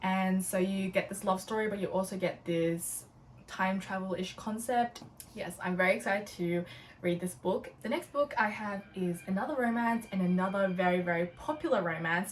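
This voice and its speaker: A young woman chatting casually and bubbly about her new books, with lots of "like" as she talks. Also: medium pitch. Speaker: book vlogger. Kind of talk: casual book haul chat. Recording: a little distant from the mic, faint room noise.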